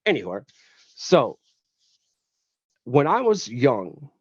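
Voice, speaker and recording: A man's voice: medium pitch, wildly swooping pitch, slow pace, slightly rough, dry recording. Casual male podcast guest from West Tennessee, rambling storyteller who cracks jokes and swears; dry, dull lo-fi sound.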